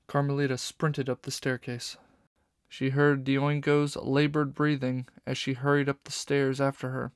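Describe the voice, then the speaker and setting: A man narrating a children's novel audiobook in steady storytelling. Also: medium pitch, a little slow, smooth, dry recording, clean studio sound.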